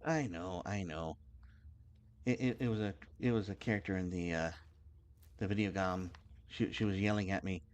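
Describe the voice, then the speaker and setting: A man streaming a game in casual chat, halting and restarting his words. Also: sits low.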